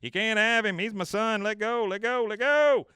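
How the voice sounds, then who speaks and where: A high-pitched, panicky cartoon man who is sure the world is out to get him, as a podcast host puts him on. He shouts in alarm, smooth-toned, on a dry close mic. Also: moderate pace, no room sound. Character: jumpy paranoid middle-aged man. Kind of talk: retelling a cartoon scene.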